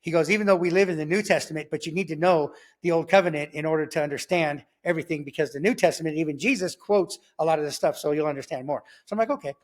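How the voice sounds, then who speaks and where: High-voiced man telling his testimony. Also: quick pace, few pauses. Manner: animated, rambling, many restarts and quoted inner voices. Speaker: testimony guest. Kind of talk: personal testimony storytelling.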